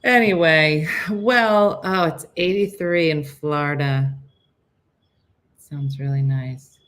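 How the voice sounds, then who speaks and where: A woman's voice: deep voice, slow pace, fairly bright tone. A middle-aged woman chatting casually on a morning live stream, rambling and answering viewers' comments.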